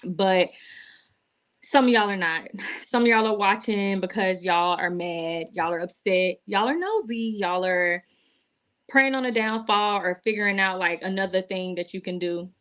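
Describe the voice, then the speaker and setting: A woman's voice: mid-range voice, unhurried, fairly bright tone, clear, resonant tone, lo-fi sound. A woman talking casually to her viewers on a live stream from her laptop, teary and emotional as she gives a faith testimony. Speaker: vlogger going live. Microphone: laptop or phone.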